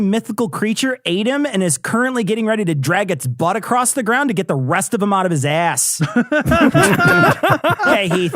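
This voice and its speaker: Lively, playful roast emcee. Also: male voice, sits high, no echo, studio quality. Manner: emcee reading out donations, playful. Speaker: host. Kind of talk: live comedy roast.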